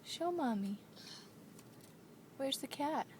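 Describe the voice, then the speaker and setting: A mother filming a home video on a handheld camera, coaxing and praising her toddler in a slow, sing-song way. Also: high voice, lively intonation, slight background noise. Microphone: handheld camera she is holding.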